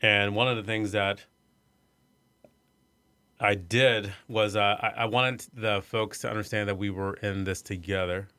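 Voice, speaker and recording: A middle-aged man from Iowa telling a personal story in an interview, soft-spoken and hesitant, with many fillers and restarts. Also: lowish voice, fairly even intonation, measured pace, clear, resonant tone, no room sound. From Iowa, USA. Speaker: arts center executive director.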